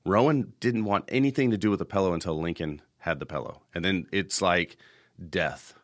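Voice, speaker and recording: A man's voice: low-pitched, normal speed, no room sound, clean studio sound. A man in his thirties hosting a casual podcast, telling rambling stories and repeating words as he goes. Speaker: podcast host.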